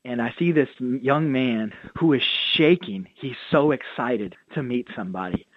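A man's voice: medium pitch, normal speed, no room sound. A man, a pastor and author, telling stories earnestly as a radio interview guest. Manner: earnest storytelling, acts out quotes. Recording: tinny phone line, dry.

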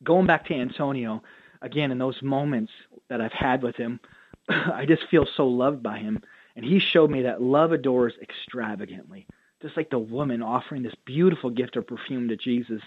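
A man's voice: medium pitch, moderate pace, slightly rough, no room sound. A man, a pastor and author, telling stories earnestly as a radio interview guest. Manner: earnest storytelling, acts out quotes. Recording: tinny phone line, dry.

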